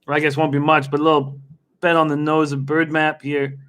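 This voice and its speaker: A young man hosts a casual live stream, excitable and quick to laugh as he reacts to viewers by name. His voice sits high for a man and rings bright and forward. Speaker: livestream host betting on horse races.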